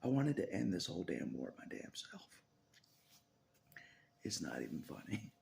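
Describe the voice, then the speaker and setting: Brief: man, vlogger, deep gravelly voice, rambling monologue that slips into whispers. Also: very animated, moderate pace, darkish tone. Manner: rambling, laughs often, drops into whispers.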